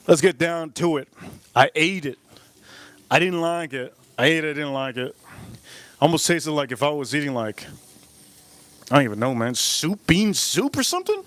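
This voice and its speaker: A man's voice: a little high, no room sound. Rambling man telling a story at the grill. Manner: repetitive, animated storyteller who jumps between the tale and the grill. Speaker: live-stream cook and host. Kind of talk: rambling live-stream storytelling while grilling. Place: outdoors at a charcoal grill.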